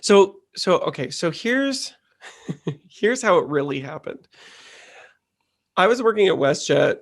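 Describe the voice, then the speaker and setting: A man co-hosting a podcast, chatting in a sassy, quick-witted way. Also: high voice, sing-song. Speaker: podcast co-host. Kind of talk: casual chat.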